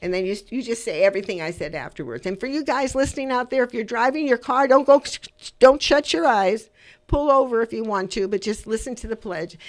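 A woman hosting a radio talk show, telling personal stories in an animated way and speaking straight to her listeners. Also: a little high, fast, few pauses. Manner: animated storytelling, addresses listeners directly. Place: radio studio.

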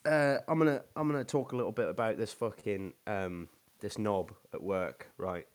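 A man's voice: on the low side, normal speed. Rambling man swearing. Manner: rambling, swearing, many fillers and restarts. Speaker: storyteller host. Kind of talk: casual chat.

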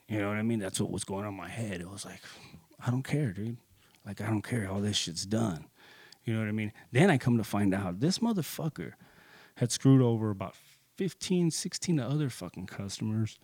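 A man with a fairly low voice tells a personal story casually, heated and full of swearing. He rambles with plenty of "dude" and "you know". The recording is dry and close, with no room sound. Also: moderate pace, a little mellow, husky, dry recording.

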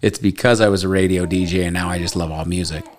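A man's voice: sits low, steady tone, quick pace. A man and former radio DJ chatting on a podcast, rambling through stories and laughing often. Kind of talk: casual podcast chat.

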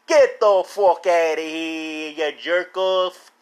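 A man's voice: on the high side, takes it slowly. A man putting on a brash, insulting tough guy. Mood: yelling. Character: loud brash Staten Island tough guy, male.

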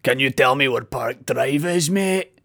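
A man imitating an American woman asking for directions, in a high, lilting voice with an American accent. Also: unhurried, a bit bright. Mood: curious.

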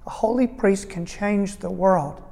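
Earnest priest preaching in a reverberant hall. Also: male voice, high voice, unhurried, gravelly, warm tone. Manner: storytelling, voicing quoted people; earnest, fervent emphasis. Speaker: priest giving a retreat talk. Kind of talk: retreat talk to an audience. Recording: long reverb of a large hall.

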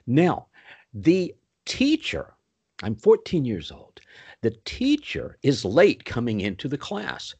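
An older man telling stories as an interview guest, animated, with sudden pitch swoops. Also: takes it slowly, breathy edge, highs cut off. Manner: puts on Southern voices for quoted people. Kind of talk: storytelling in a podcast interview.

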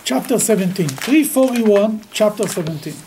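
A man teaching a weekly scripture class. He speaks haltingly, with frequent restarts, and grows lively as he tells stories. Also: sits high, background noise. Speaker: Torah teacher.

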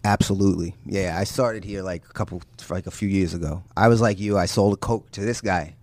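A man's voice: low voice, fairly quick, a little mellow, dry recording. Brash profane man in a sketch. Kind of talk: improvised comedy sketch.

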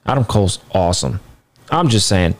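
A man with a somewhat low voice talks through a wrestling show review in a loose, opinionated way. He is blunt, drops the odd curse word and rambles into asides, sounding tired throughout. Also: lively intonation, moderate pace. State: tired, yawning.

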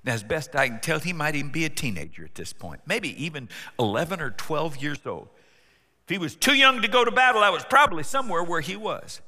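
A man's voice: fairly high pitch, brisk. A man preaching a sermon in a church, telling the story with jokes and playful asides. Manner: animated, joking storyteller. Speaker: pastor. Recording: long hall reverb.

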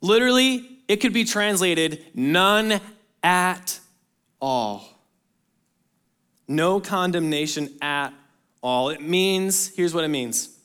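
This is a pastor's sermon, unhurried and clear, his resonant voice aimed earnestly and directly at the congregation. He alternates between emphatic surges and soft, low passages.

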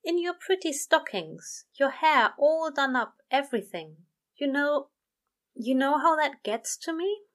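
A woman's voice: sits high, lively intonation, a little slow, pitched above the performer's own voice. A woman doing a tipsy, flustered angel man. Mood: eager. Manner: stumbling, breathless and eager. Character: tipsy eager male angel, fussy and flustered.

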